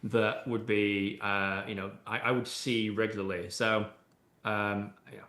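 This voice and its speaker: This chatty man, an AI and automation expert appearing as a podcast guest, gives conversational interview answers at a measured pace. His voice is on the low side, level, and fairly bright, and he explains at length with frequent "you know" and "right?". The room sounds roomy and echoey.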